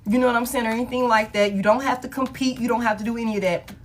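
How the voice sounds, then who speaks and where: A woman with a slightly high voice gives a live tarot reading. She talks casually and with emphasis, and she swears freely. She drives each point home by saying it again and again. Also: fairly even intonation, racing. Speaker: tarot reader.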